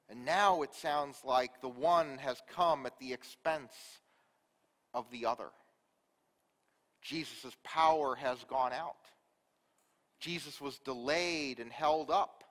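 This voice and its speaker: A man preaching a sermon, telling a story with rhetorical questions and dropping from loud to quiet. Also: on the high side, in a large hall. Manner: storytelling, rhetorical questions, big swings in loudness.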